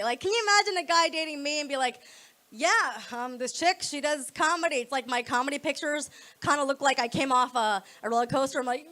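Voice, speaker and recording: A young woman performing a stand-up comedy set on a club stage, loud and laughing between lines as she acts out voices. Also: high voice.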